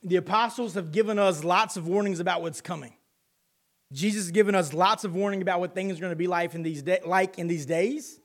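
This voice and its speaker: Pastor, thirties, light high voice, relaxed storyteller mixing scripture and anecdotes. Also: male voice, fairly quick. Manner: conversational storytelling with scripture reading. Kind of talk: sermon.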